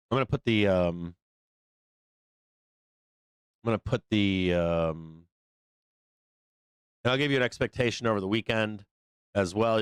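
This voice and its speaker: Hoarse man doing loose market commentary. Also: deep voice, no echo. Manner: loose, profane, rambling, filler-heavy. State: hoarse, losing his voice. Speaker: host of a live trading show. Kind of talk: casual live market commentary.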